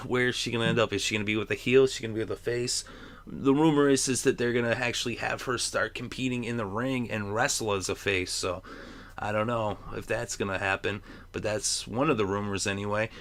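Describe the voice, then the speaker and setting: Brief: man in his twenties, vlogger recapping and giving opinions, loose rambling delivery, smooth clear voice. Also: medium pitch, fairly bright tone. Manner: chatty, rambling, with many fillers. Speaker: wrestling commentary vlogger.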